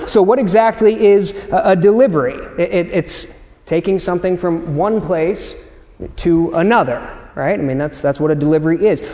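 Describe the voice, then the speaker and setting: A man's voice: high voice, darkish tone, in a large hall. A man preaching a sermon in a conversational way, often stumbling over repeated words and asking "right?". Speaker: pastor.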